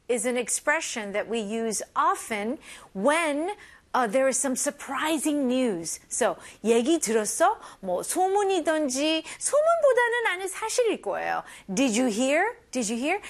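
A young woman teaching an English lesson, explaining phrases and switching between English and Korean. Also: high-pitched. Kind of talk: bilingual language lesson.

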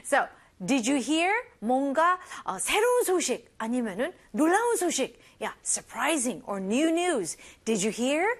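Woman, young adult, English teacher, high voice, bilingual lesson, switches languages. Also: rapid-fire, slightly rough. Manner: lively, switches between English and Korean while explaining.

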